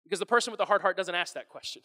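A man preaching a sermon as pastor, animated and conversational, often restarting his phrases. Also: high-pitched, racing, big-room sound.

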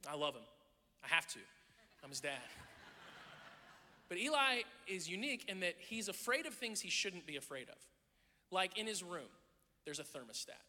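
Middle-aged pastor guy preaching, high bright voice, joking around, echo hanging in a big hall. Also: moderate pace, pauses often, a little hiss or hum. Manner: animated storytelling, jokes and acted-out quotes. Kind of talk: sermon. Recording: long hall reverb.

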